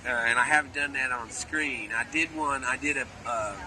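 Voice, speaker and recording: A chatty, playful man with an easy middle-pitched voice, swerving into little character voices as he tells stories. He is recorded outdoors, with clear street and car noise running under his talk. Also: moderate pace. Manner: playful storyteller who slips into character voices. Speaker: actor interviewee. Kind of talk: animated interview chat. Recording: outdoor interview with traffic noise.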